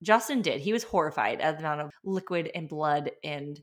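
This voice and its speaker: A woman, hosting a podcast and telling a personal story in an animated, chatty way. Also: low-pitched, fairly quick. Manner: animated, chatty, lots of fillers. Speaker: podcast host.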